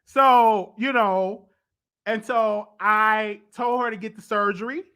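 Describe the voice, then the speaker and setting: A man hosting a celebrity gossip show, giving opinionated commentary in an animated way with sudden high swoops for emphasis, his voice a little congested. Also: slow pace, clear, resonant tone. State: congested, stuffy voice.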